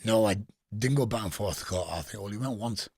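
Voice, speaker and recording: A man's voice: fairly low pitch, fast talker, vocal fry, a little mellow, husky, no room sound, studio quality. A man with a Geordie accent telling prison stories as a podcast guest, blunt and full of swearing, laughing at his own tales. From England. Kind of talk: storytelling in casual interview.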